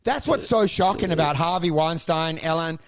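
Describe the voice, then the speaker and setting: A man co-hosting a comedy podcast, talking in loud, mocking banter full of swearing and put-on voices. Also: fairly high pitch, moderate pace, creaky. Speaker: podcast co-host.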